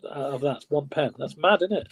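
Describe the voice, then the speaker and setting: A man hosting a casual fan podcast, talking in an excitable, emphatic way and steering the discussion. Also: on the high side, a little fast, husky. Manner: excitable, emphatic, leads the talk. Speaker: podcast host.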